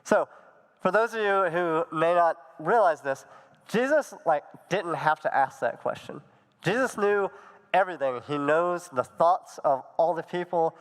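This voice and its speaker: A man's voice: a little high, animated, moderate pace, clean tone, long reverb tail, poor audio. A young man giving a conversational sermon to students, telling Bible stories in plain words with casual fillers. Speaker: youth pastor.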